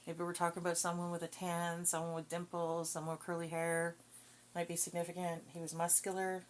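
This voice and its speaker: A woman giving a casual psychic reading, thinking aloud in a slow, musing way. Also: fairly low pitch, completely flat delivery, a little hiss or hum. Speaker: psychic card reader.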